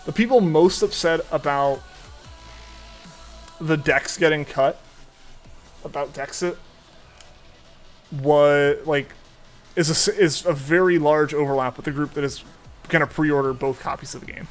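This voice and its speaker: A man's voice: fairly high pitch, measured pace, long pauses, soft background music. A young man streaming a game, chatting casually and rambling with many fillers and restarts. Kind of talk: casual chat while gaming.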